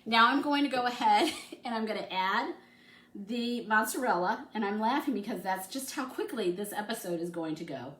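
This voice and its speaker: A woman's voice: mid-range voice, lively intonation, moderate pace, fairly bright tone. A middle-aged woman hosting a casual cooking demonstration, chatty and enthusiastic as she works in her home kitchen. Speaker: cooking show host. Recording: echoey room.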